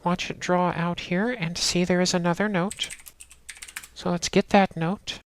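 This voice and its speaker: A woman narrating a game walkthrough in a steady, instructional way, talking the player through each step. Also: lowish voice, unhurried. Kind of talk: casual let's-play walkthrough narration.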